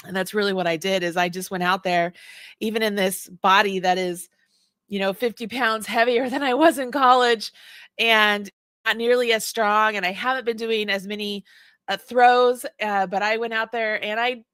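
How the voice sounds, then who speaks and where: Chatty lady in her 40s hosting a live chat, bright voice, kinda high, dry close sound. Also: no room sound. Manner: chatty, laughing, rambling with restarts. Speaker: host. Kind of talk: casual livestream chat.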